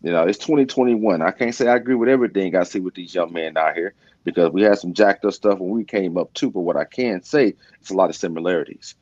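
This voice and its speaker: A man who mentors in the community, speaking in a measured, earnest way on a panel. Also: low-pitched, a little mellow, dry recording. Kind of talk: casual panel discussion. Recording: slightly dull, dry sound.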